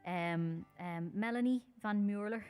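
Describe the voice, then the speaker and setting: A woman from Ireland with a Dublin accent, chatting quickly and informally with her audience between songs at a live-streamed concert. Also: medium pitch, a little mellow, clear, resonant tone, no echo, soft background music. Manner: talks fast, chatty and informal, with many fillers.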